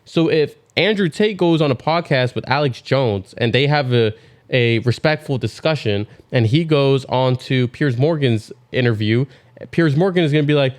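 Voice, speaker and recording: A man's voice: medium pitch, normal speed. A man hosting a casual podcast, talking bluntly and lecturing with heavy swearing. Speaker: podcast host.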